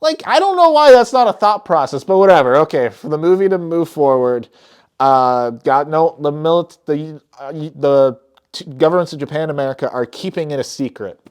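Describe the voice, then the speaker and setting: Excitable woman with a lively, swinging voice. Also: low-pitched, moderate pace, smooth. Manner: excitable, swears often, trails off mid-phrase. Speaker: movie reviewer. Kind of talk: casual spoiler movie recap.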